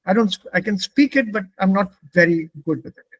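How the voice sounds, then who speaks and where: Husky high-voiced man. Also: animated, fairly quick, a bit bright, dry recording, low-quality recording. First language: Telugu. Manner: hesitant, frequent fillers. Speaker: German language teacher. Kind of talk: personal anecdote.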